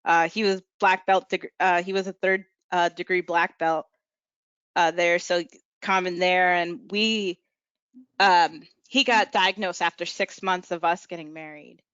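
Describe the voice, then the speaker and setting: Woman on a video call, smooth fairly low voice, lots of ums, kinda muffled and dry. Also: fairly even intonation, unhurried, fairly bright tone, dry recording. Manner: hesitant, many ums and likes. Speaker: support group member. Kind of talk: casual video call chat.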